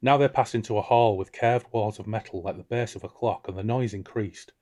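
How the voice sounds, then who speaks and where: A man's voice: on the low side, fairly quick. A man co-hosting a book podcast, reading passages aloud expressively and chatting about them casually. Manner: expressive reader, lifts voice for quoted characters. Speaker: podcast co-host reading and discussing a novel.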